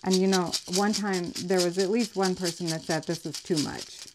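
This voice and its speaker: A woman's voice: fairly low pitch, steady tone, moderate pace, background noise. A woman hosting a casual home game night, playful and teasing, laughing as she plays dice at a table indoors. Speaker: savings channel host.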